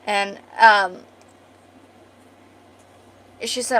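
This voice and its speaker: A woman's voice: medium pitch, fairly even intonation, takes it slowly, long pauses, a bit bright, slight background noise. A woman streamer chatting casually with viewers while retelling and reading a comic aloud, full of fillers and restarts.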